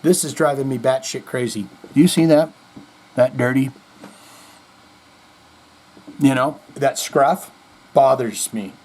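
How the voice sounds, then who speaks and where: A man's voice: mid-range voice, normal speed, darkish tone. A middle-aged man hosting a podcast, rambling in casual chat with self-deprecating jokes. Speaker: podcast host.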